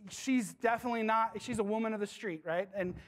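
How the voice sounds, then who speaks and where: A man preaching a sermon to his church, passionate, with dramatic pauses and questions to the congregation. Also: sits high. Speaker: pastor.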